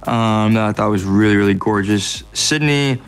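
An American man guesting on a radio interview, relaxed and rambling, joking at his own expense. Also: lowish voice, moderate pace, soft background music. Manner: relaxed, rambling, self-deprecating humor. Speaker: actor guest. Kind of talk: casual interview.

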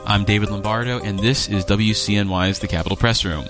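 Low-voiced male radio host. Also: fairly even intonation, over music. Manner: measured, scripted introductions. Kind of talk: radio interview.

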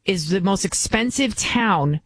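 A woman's voice: medium pitch, lively intonation, measured pace, slightly rough. A middle-aged woman from the New York area, filling in as a talk radio host and delivering a blunt, emphatic, mocking opinion monologue.

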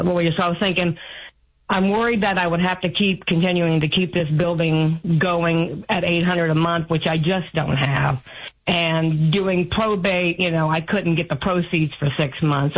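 A woman in her fifties calling in to an advice show, talking anxiously and rambling with restarts. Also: on the low side. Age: 50s. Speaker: caller. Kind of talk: call-in advice conversation. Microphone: phone line. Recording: muffled phone call audio.

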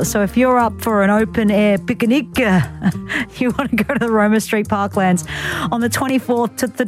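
A woman hosting a radio talk show, playful and teasing, laughing often as she chats with a guest in the studio. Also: on the high side. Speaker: radio host. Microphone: studio microphone.

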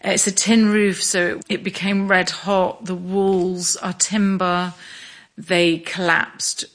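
A middle-aged woman from Scotland telling her story in an interview, measured, with small restarts. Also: lowish voice, level tone. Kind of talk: reflective interview.

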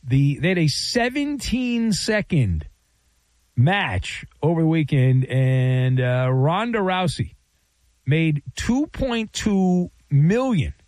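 A man's voice: fairly high pitch, darkish tone, no room sound. A male sports radio host telling stories with wry asides, speaking into a studio microphone. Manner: wry, storytelling, quick asides.

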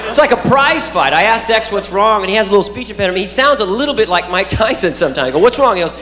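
A man's voice: high-pitched, lively intonation, fast. A man doing stand-up comedy, playful, acting out his children with silly voices. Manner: playful, does silly voices and sound effects. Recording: echoey hall, loud crowd and noise.

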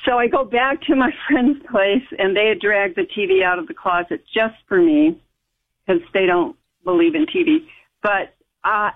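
An American woman, a guest, recounting a personal story in conversation, emphatic and rambling with frequent restarts. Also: mid-range voice. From United States. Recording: tinny phone-line audio.

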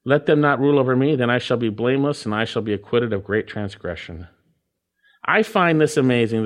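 A middle-aged man preaching a verse-by-verse sermon, stressing key words slowly and repeating phrases for emphasis. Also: a little high. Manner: emphatic, repeats key phrases, swoops between slow stresses and quick asides. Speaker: pastor. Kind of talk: expository sermon.

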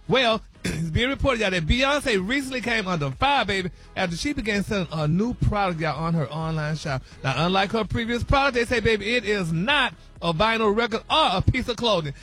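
Sassy high-pitched guy dishing celebrity gossip, husky voice, faint music behind. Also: a bit bright. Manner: flamboyant, sassy, peppered with "honey" and "baby". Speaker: celebrity news host. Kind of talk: gossip segment on a radio show.

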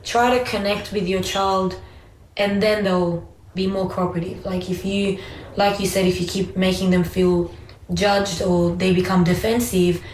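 A woman's voice: mid-range voice, steady tone, unhurried, darkish tone. A woman co-host and parent in a casual chat, agreeing and summing up the points in short phrases. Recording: echoey room with faint background noise.

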